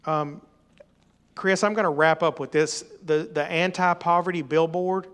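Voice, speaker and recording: A middle-aged man preaching a sermon, emphatic and rising to loud exhortation. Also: fairly high pitch, steady tone, unhurried. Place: church or meeting hall.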